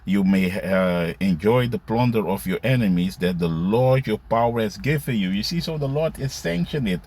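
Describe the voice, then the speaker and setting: A man with a fairly low voice talks through scripture in a loose, conversational way. He keeps checking in with "you see" and "man", then slows right down to read verses aloud. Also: expressive, darkish tone. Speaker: religious commentator. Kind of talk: casual scripture commentary.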